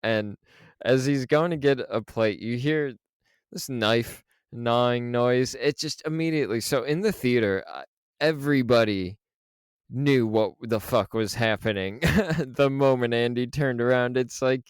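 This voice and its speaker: A man co-hosting a podcast, casually recapping a horror film with animated, profane storytelling and frequent laughs. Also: mid-range voice, unhurried, clear, resonant tone, no echo, studio quality. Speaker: podcast co-host.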